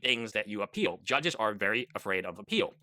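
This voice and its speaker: Lowish bright guy calmly walking through court stuff, dry sound. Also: brisk, no room sound. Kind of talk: explaining a court process.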